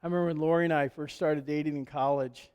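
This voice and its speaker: A male pastor preaching a sermon in a relaxed, conversational storytelling way. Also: a little high, fast talker, clean tone. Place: church sanctuary. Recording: long church hall reverb.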